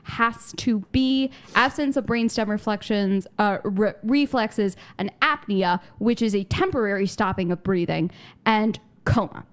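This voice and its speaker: A woman's voice: mid-range voice, measured pace. A woman hosting a casual live stream, reading odd news stories with lots of laughter and carefully explaining science.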